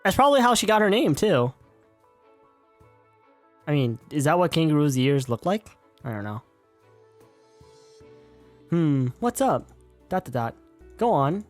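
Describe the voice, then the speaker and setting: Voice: medium pitch, big pitch swings, measured pace, long pauses, no echo, faint music behind. A streamer casually commenting on a game they are playing, swearing often, rambling and calling themself an idiot. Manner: swearing, rambling, self-deprecating.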